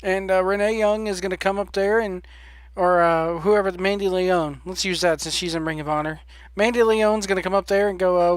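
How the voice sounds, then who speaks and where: A man's voice: sits high, fairly even intonation, normal speed, clean tone, no echo, studio quality. A man hosting a wrestling podcast, giving blunt, sarcastic opinions in a casual rant, full of ums and restarts. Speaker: podcast host.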